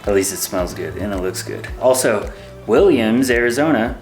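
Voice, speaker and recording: A man's voice: on the low side, animated, moderate pace. Give me a chatty male travel vlogger who rambles, over faint background music. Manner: rambling, chatty, laughs often. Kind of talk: casual travel vlog chat.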